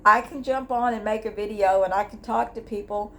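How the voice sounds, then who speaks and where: A woman's voice: mid-range voice, fairly even intonation, fairly quick, sharp tone, slight background noise. Older woman, home vlog to camera, earnest and rambling, open about her feelings. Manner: candid, emotional, rambling with restarts. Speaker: grief vlogger. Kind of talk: candid personal vlog. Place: at home, indoors. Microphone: device camera.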